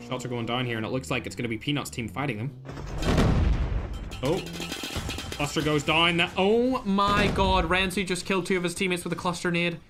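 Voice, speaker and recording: A young man streaming live, calling an esports tournament with a slightly high voice. He bursts into frequent exclamations and keeps talking to his chat between plays. A faint hiss sits under the recording. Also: bright, forceful tone. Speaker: streamer casting a mobile shooter tournament.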